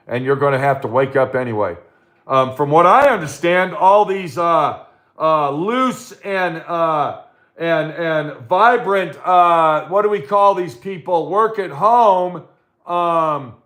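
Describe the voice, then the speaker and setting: A middle-aged man rants straight to his audience in a casual vlog, swearing freely and stumbling through fillers as he goes. His voice sits a little higher than most men's. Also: a bit bright. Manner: profane, blunt and ranting; halting, with many fillers. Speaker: vlogger. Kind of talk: casual ranting monologue.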